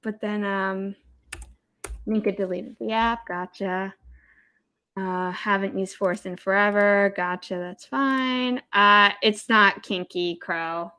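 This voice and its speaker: A woman's voice: mid-range voice, fairly even intonation, takes it slowly, bright, forceful tone, smooth. A young woman hosting a casual livestream writing session, chatting and answering viewer comments. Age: young adult. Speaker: livestream host, author.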